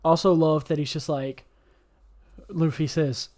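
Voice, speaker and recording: A man's voice: on the high side, fairly even intonation, measured pace, darkish tone. A man hosting a casual podcast chat, rambling with lots of fillers and swearing. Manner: rambling, heavy on fillers and profanity. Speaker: podcast host.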